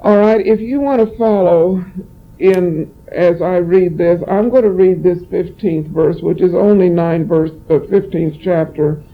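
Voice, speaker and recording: Male preacher, high-voiced, slow and hesitant, Bible-study reading, tinny lo-fi recording. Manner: slow, halting, explains word meanings between verses. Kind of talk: Bible study sermon reading scripture aloud.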